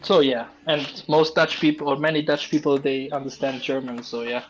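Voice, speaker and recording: A man's voice: medium pitch, flat delivery, normal speed, slight background noise, poor audio. A man hosting a casual live stream, chatting and joking with his guests. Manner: chatty, laughs often, jokes with guests. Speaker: stream host.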